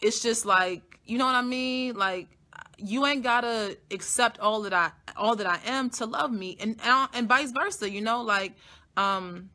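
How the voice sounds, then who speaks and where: A woman with a bright, sharp-edged voice hosts her own live stream and tells a long personal story straight to her listeners. She talks bluntly, swears constantly, and moves from quiet asides to loud, emphatic outbursts. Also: fairly high pitch, a little slow. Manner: blunt, heavily profane, emphatic; animated, swings from soft to loud. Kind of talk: casual storytelling monologue.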